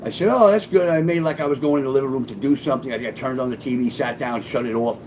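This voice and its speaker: A man's voice: mid-range voice, very fast, slight background noise, poor audio. A middle-aged man casually telling a profane personal story, acting out what people said. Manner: profane, animated, acts out quoted voices. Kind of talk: casual spoken memoir storytelling.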